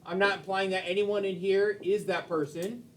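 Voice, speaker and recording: A man's voice: high-pitched, steady tone, normal speed, fairly bright tone. A male teacher lecturing a class and teasing his students with jokes as he goes. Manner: teasing, joking banter with students. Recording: echoey classroom, distant mic, faint room noise.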